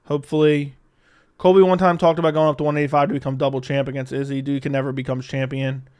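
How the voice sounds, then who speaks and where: A man's voice: medium pitch, flat delivery, fast talker, darkish tone, clear, resonant tone. A man hosting a live stream, reading chat and ranting in a heated, profane way. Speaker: livestream host.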